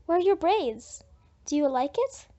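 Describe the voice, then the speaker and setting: A woman voicing a warm, forgiving twelve-year-old friend who speaks eagerly. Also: very high voice, sing-song, unhurried, heavily acted. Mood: affectionate. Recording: dull lo-fi audiobook recording.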